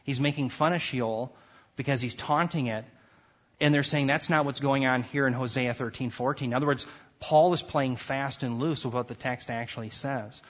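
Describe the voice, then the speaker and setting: A man gives an emphatic classroom lecture on scripture, his voice at a middle pitch. He reads verses aloud with rising force. The recording is dull and lo-fi. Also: steady tone, normal speed. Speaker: Bible teacher.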